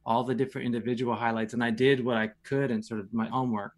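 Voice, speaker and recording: A man's voice: medium pitch, little pitch movement, quick pace. A man in his thirties, a guest in casual chat, telling stories in a laid-back, rambling way full of fillers.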